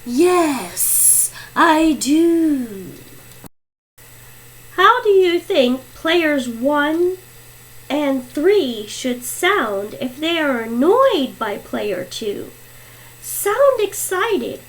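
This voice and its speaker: A woman teacher explaining how to read a part aloud, with instructive, deliberate guidance. Her voice is high with a lively, wide-ranging pitch, and she speaks slowly. She is giving a lesson on reading fluency. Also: poor audio.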